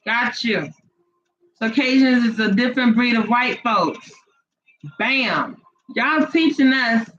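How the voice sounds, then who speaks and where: A woman co-hosting a spiritual reading livestream in casual, slangy, animated banter. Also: a little high, slow, pauses often. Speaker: co-host and spiritual reader. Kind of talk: casual live-stream chat. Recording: dull lo-fi livestream audio.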